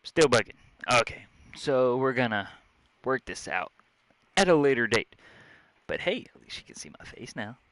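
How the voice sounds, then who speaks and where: A man's voice: mid-range voice, big pitch swings, normal speed, long pauses, a bit bright, no echo. A man with a Southern US accent, hosting his own vlog and chatting casually to camera in a joking, rambling way. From Southern United States. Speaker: vlog host. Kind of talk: casual sports chat to camera. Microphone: own desk microphone.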